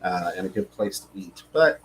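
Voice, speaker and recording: Low-voiced relaxed man chatting on a livestream. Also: moderate pace, slight background noise, poor audio. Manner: relaxed, reads viewer comments aloud, many fillers. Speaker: livestream co-host. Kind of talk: casual live-stream chat.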